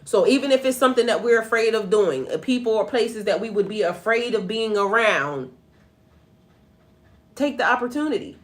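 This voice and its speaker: Her voice is on the high side with lively intonation and a moderate pace. This middle-aged tarot reader and spiritual life coach addresses her livestream viewers directly during a casual reading, slipping into profane stories and laughter.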